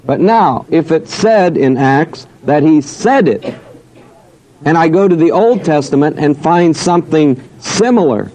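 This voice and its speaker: Man, Bible teacher, slow deliberate delivery, mellow tone, reads scripture in drawn-out cadence. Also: fairly high pitch, expressive, low-quality recording. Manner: slow, deliberate, questioning and answering himself. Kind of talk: Bible study lecture.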